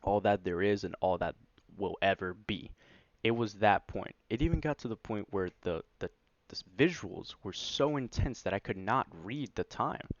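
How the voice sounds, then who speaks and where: Low-voiced man rambling through a story. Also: moderate pace, no room sound. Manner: rambling, full of "like" and "you know" fillers; excited, animated retelling. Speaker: vlogger. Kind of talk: casual first-person storytelling. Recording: dry, slightly dull lo-fi recording.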